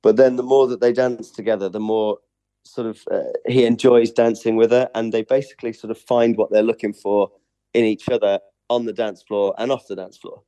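A man's voice: on the low side, flat delivery, brisk, dark tone, clear, resonant tone, no room sound. A man from England, a stage performer being interviewed, chatting casually and laughing easily.

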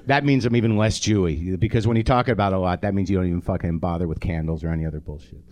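A man's voice: deep voice, rapid-fire, darkish tone. Ranting, profane man doing stand-up. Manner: ranting, profane, self-deprecating; talks straight to the audience. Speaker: comedy show host. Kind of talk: stand-up monologue. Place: theater stage at a live show.

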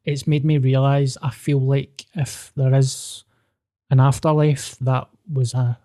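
A man's voice: medium pitch, takes it slowly. Sweary man telling a story. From Scotland. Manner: sweary, animated storyteller acting out dialogue. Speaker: podcast co-host. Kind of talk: casual storytelling chat.

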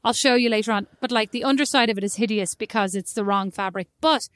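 A woman in her thirties co-hosting a podcast, telling animated stories and acting out her small son's lines in casual chat. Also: fairly high pitch, fast, no echo. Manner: animated storyteller, acts out her kid's lines. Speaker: podcast co-host.

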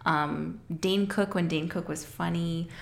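Low, gravelly woman in casual chat. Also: steady tone, unhurried, echoey room. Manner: chatty, upbeat, fillers and laughs.

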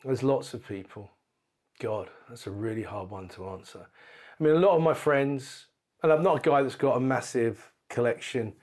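A middle-aged man telling anecdotes as a podcast guest, lively and laughing, with casual swearing. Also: mid-range voice, moderate pace. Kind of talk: anecdotal storytelling.

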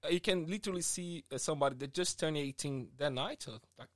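A man's voice: on the high side, quick pace, a bit bright, no room sound, clean studio sound. Earnest man, a DJ, explaining. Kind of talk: casual podcast chat.

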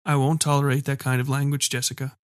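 A man's voice: a little high, moderate pace, no echo, studio quality, close to an everyday voice. A man voicing a controlling, menacing husband who speaks in a demanding way. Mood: coldly calm. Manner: demanding, then eerily calm.

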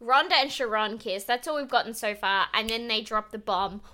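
A woman's voice: on the high side, brisk, sharp tone. A young woman co-hosting a podcast, chatting casually and animatedly, laughing often and acting out quotes. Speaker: podcast co-host. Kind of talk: casual chat recapping a reality show.

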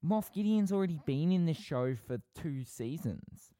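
A man's voice: on the high side, expressive, moderate pace, dark tone, no room sound. A man co-hosting a podcast, bantering casually, teasing and getting emphatic in arguments. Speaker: podcast co-host.

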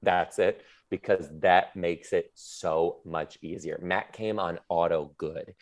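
A man chatting casually as a podcast guest, telling quick stories full of "like". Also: low-pitched, steady tone. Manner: quick, chatty storyteller with many "like"s. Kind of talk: casual chat.

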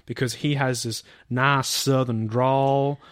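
A man's voice: mid-range voice, steady tone, slow pace, dry recording. Guy rambling thru a story, lots of ums n swearing, dry close sound. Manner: rambling, lots of fillers, swearing, acts out quotes. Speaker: podcast co-host. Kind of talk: casual storytelling chat.

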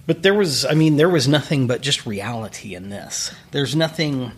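Man, podcast co-host, husky, mid-pitched, dry self-deprecating humor. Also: expressive, normal speed. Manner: wry, self-deprecating storyteller. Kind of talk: casual chat.

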